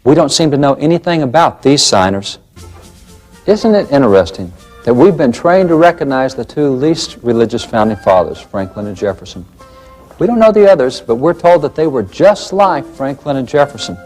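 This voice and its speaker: A man's voice: medium pitch, big pitch swings, moderate pace, a little mellow, soft background music. A man presenting a documentary lecture, emphatic and fond of rhetorical questions.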